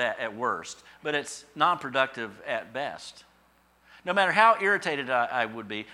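A man's voice: mid-range voice, bright, forceful tone. A man preaching a sermon in a conversational, storytelling way, acting out voices in his asides. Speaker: pastor.

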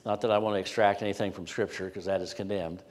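A male pastor preaching an expository sermon. He swells with emphasis on key phrases and drops to quiet asides. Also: low-pitched, fairly even intonation, quick pace. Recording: long hall reverb.

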